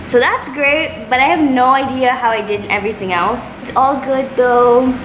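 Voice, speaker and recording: A woman's voice: sits high, normal speed, noisy background. A young woman vlogging casually to camera at home, chatty and full of "like" and "literally". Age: young adult. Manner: chatty, filler-heavy, says "like" and "literally" often. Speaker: college vlogger. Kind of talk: casual vlog talk to camera. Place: indoors at home. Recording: roomy, echoey room with music behind.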